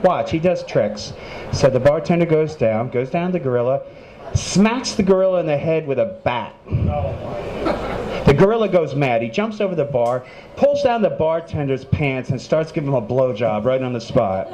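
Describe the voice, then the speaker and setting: A man's voice: mid-range voice, lively intonation, normal speed. A man telling a joke on stage in a dry, matter-of-fact way. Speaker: joke teller. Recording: noisy bar ambience.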